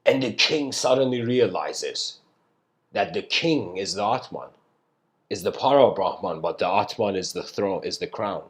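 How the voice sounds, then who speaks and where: A man giving a casual spiritual lecture, telling a story in a loose, rambling way and often clearing his throat. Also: on the low side, animated, unhurried.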